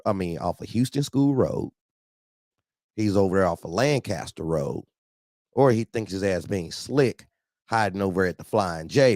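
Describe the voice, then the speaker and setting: A man telling a profane, animated story about his truck. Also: deep voice, no room sound, clean studio sound. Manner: profane, animated, acts out other voices. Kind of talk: casual storytelling.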